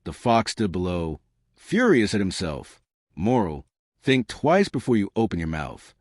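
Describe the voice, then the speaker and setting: A man narrating scripted jokes in a lively storytelling manner. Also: deep voice, unhurried, dry recording, studio quality. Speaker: joke narrator.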